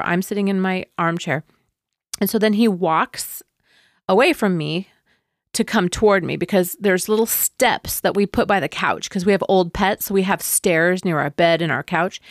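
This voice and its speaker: A middle-aged woman telling a personal story in a rambling, conversational way, turning soft and tender at emotional moments. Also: medium pitch, no echo, clean studio sound. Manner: conversational, rambling with frequent fillers and asides.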